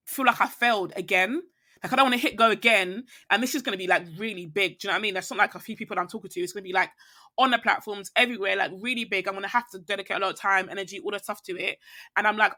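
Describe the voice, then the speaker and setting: A woman's voice: medium pitch, quick pace, pushed and bright. A woman chatting candidly as a podcast guest, rambling and reflective, with plenty of fillers and restarts. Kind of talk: casual conversation.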